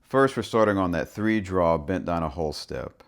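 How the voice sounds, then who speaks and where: A man with a very deep voice teaches a harmonica lesson. He talks through the rhythm in a relaxed way, stopping to sound out short syllables as he explains each part. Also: normal speed. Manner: relaxed, thinking aloud, speaks rhythm syllables and soft whispers. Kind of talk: instructional explanation with vocal rhythm demonstrations.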